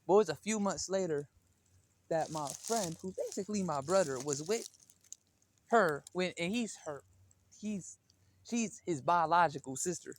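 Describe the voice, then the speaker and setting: A man's voice: high voice, animated, moderate pace, pauses often, slight background noise. A man talking casually in a vlog, slangy and chatty, calling out to a cat in a backyard. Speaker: vlogger. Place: outdoors in a backyard.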